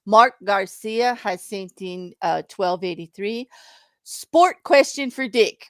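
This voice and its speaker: Speaking slowly in a mid-range voice, a woman with a South African accent co-hosts a live stream, reading donor messages aloud and laughing easily. The recording is dry and studio quality, and the talk is casual.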